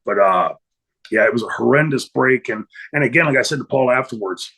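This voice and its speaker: Middle-aged male interview guest, husky and rambling, mid-pitched storyteller. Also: a bit bright, poor audio. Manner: rambling, many fillers and restarts. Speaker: interview guest, former wrestler.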